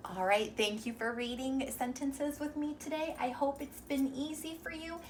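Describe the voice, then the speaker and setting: A young woman teacher leads a reading lesson for little kids, sounding out words slowly and patiently. Her voice sits a touch high and picks up a little faint room noise, and she sits a bit back from the mic. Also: far from the mic.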